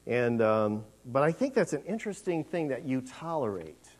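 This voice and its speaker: A man's voice: mid-range voice, sing-song, normal speed. A man preaching a sermon in a conversational, rambling way, with many fillers and restarts.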